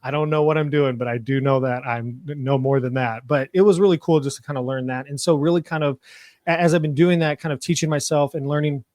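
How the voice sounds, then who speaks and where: A man's voice: fairly high pitch, steady tone, fast talker, a little mellow, no room sound, studio quality. A man being interviewed on a podcast, answering in a casual, rambling way with lots of filler words. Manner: rambling, heavy on fillers like "you know". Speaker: podcast guest, web designer.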